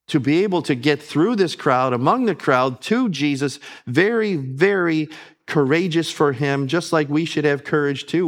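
A man preaching a sermon, earnest, rising on emphasis and dropping soft and low on solemn lines.

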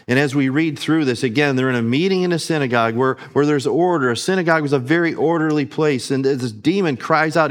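A man preaching an expository sermon, reading scripture aloud and explaining it slowly and deliberately. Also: fairly high pitch.

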